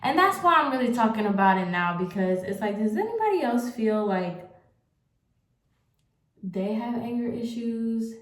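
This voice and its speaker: A woman's voice: on the high side, sing-song, normal speed. Rambling young woman in an echoey room. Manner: rambling, candid, heavy use of "like". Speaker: vlogger. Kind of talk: casual confessional chat. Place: at home, getting ready on camera. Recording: roomy echo.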